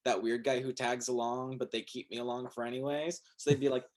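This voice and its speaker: A man's voice: mid-range voice, level tone, a little fast. A man as a guest musician in a casual chat, telling stories in a rambling, self-deprecating, hesitant way.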